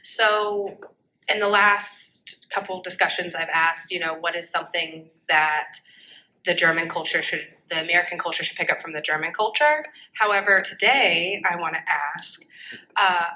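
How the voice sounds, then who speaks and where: Fast-talking young woman with a bright voice. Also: on the low side, poor audio. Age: young adult. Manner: fast, self-conscious. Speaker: audience member asking a question.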